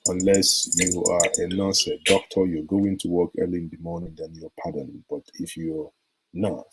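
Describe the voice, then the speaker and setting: A man's voice: sits low, a little hiss or hum, poor audio. A middle-aged Nigerian man with a Nigerian accent hosting a live-stream chat, reading viewer comments, laughing often and wandering into stories. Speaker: live show host.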